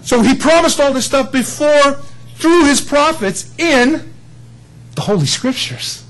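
A man preaching a sermon in a folksy, animated way, building up to emphatic peaks. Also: very high voice, unhurried, rough recording. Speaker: pastor.

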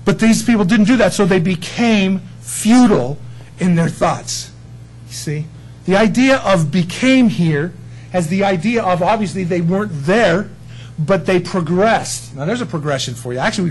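A man's voice: high voice, lively intonation, normal speed, husky, rough recording. A man preaching a sermon, emphatic and folksy, often asking his listeners questions.

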